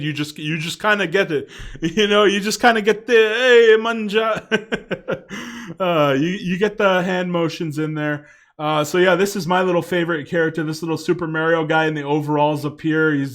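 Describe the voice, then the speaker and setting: Rambling man with a higher voice. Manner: rambling, filler-heavy, chuckling asides. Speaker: video commentator. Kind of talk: casual commentary vlog.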